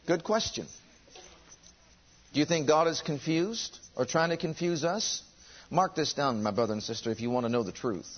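A man's voice: a little high, animated, normal speed, muffled recording. A man preaching a sermon, driving his points home with rhetorical questions and emphatic repetition.

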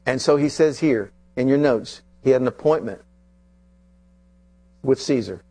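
A man preaching a sermon with passion, swinging between loud bursts and hushed, drawn-out lines. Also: mid-range voice.

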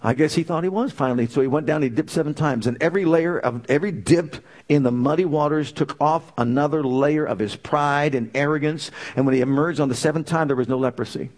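Emphatic preacher, slightly high voice. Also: male voice, brisk, hardly any pauses, a little mellow. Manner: emphatic preaching with rhetorical questions. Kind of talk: sermon.

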